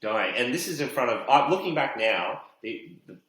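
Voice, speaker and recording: Young man, stand-up comic, lively pitch, bright tone. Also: normal speed. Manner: animated, jokey storyteller. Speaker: guest comedian. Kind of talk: casual chat, storytelling. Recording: very echoey room.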